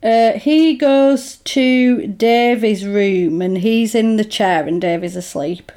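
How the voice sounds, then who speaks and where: A woman's voice: medium pitch, takes it slowly, dark tone. A woman chatting casually as a co-host, retelling a film scene by scene, with lots of "like" and "basically", and acting out the characters' lines. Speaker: podcast co-host recapping a film. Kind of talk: casual chat.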